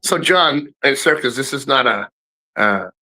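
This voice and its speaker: A middle-aged man hosting a live stream, telling profane family stories to his chat in a casual, animated way, his voice jumping high when he quotes people. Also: measured pace, rough recording. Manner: animated, swearing, voice jumps high for quoted lines.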